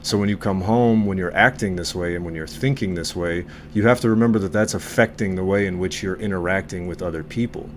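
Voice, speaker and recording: Deep-voiced blunt man, profane chat. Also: a little fast, few pauses, slight background noise. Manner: blunt, profane, animated storytelling. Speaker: podcast co-host, veteran. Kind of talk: casual group chat.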